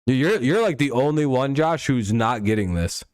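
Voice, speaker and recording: A man's voice: mid-range voice, lively intonation, moderate pace, clear, resonant tone, dry recording, studio quality. A young man hosting a casual talk stream, arguing heatedly with profanity and lots of repetition and restarts. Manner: argumentative, profane, repeats himself. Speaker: host.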